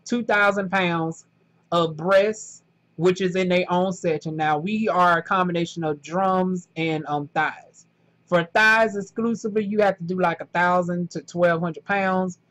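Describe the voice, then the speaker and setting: A woman's voice: lowish voice, measured pace. A woman vlogger talking casually to camera about her new job, rambling a little with fillers and restarts.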